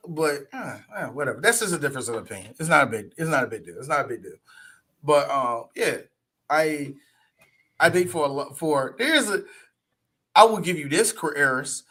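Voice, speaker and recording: A man's voice: fairly high pitch, lively intonation, normal speed, bright, forceful tone, husky. A man co-hosting a podcast in casual, profane banter, with a lot of laughter. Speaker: podcast co-host. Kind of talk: casual chat.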